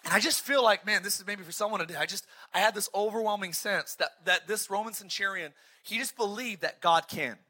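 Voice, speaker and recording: Bright-voiced, animated male pastor preaching. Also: high voice, a little fast, breathy edge. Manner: energetic, joking, self-deprecating storyteller. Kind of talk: sermon. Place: church.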